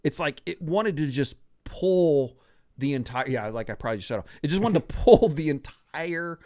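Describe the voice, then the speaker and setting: A man in his sixties hosting a podcast, telling a story from his own life in a casual, animated way, acting out what people said and often laughing. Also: a little high, moderate pace, dry recording, clean studio sound. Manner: animated, acts out quoted lines, laughs often.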